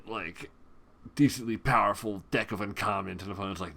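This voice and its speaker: A male gaming host talks through his own card game in a relaxed, lowish voice. He groans at bad draws and drops wry, self-mocking asides. It sounds like a home desk mic over screen capture. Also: moderate pace, vocal fry, heavy background noise. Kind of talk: casual gameplay commentary.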